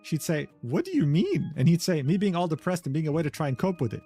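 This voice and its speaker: A man's voice: a little high, quick pace, dark tone, soft background music. A man narrating a drama recap, reading quoted messages aloud with sardonic asides. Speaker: commentary narrator.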